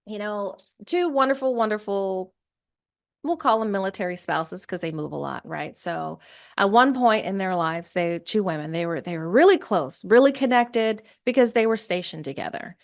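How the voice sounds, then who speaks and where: Animated woman telling a story. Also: medium pitch, moderate pace. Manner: animated, acts out quoted voices. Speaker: podcast guest. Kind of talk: storytelling in conversation.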